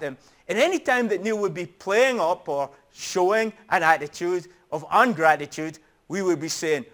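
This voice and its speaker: A man's voice: high-pitched, animated, moderate pace, hardly any pauses, a bit bright. A middle-aged man preaching a sermon in an earnest, emphatic storytelling manner.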